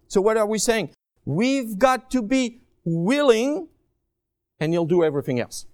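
A man preaching a sermon as a guest preacher, stretching key phrases out slowly and swinging from soft asides to raised, pleading lines. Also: sits high, animated, no room sound, studio quality. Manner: slow, drawn-out emphasis on key phrases.

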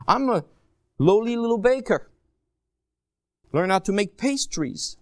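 A man preaching a sermon as a guest preacher, stretching key phrases out slowly and swinging from soft asides to raised, pleading lines. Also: high-pitched, animated, dry recording, studio quality. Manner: slow, drawn-out emphasis on key phrases.

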